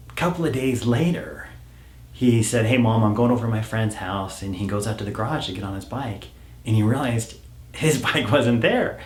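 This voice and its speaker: A middle-aged man, a parenting coach, telling a family story in a calm storytelling manner and dropping to a hush when he quotes himself. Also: mid-range voice, echoey room. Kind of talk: storytelling advice talk.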